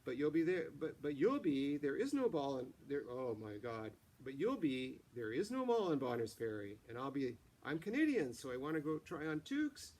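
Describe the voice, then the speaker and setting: A man's voice: mid-range voice, big pitch swings, moderate pace, hardly any pauses, a little mellow. An author voicing a young woman who practices a bubbly valley-girl way of talking with rising, lilting questions. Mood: giddy.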